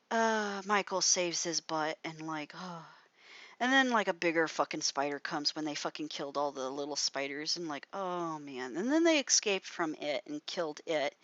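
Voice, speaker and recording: A young woman with a slightly low voice chats casually on her drawing stream, piling on fillers and swear words as she recounts a story. Now and then she drops to a soft mutter while she works. The sound is dry and a little dull, like a cheap home mic. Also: no echo. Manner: rambling storytelling, constant "like" fillers and frequent swearing. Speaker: artist livestreaming while drawing. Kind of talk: casual rambling livestream commentary.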